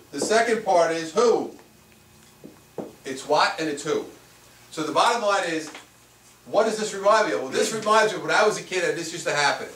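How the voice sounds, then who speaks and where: A man's voice: fairly high pitch, fairly bright tone. A man teaching a workshop to a live audience as a spiritual teacher, repeating his points and asking rhetorical questions. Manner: repetitive, asks rhetorical questions. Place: room with a small live audience. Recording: echoey room, mic far off, faint noise.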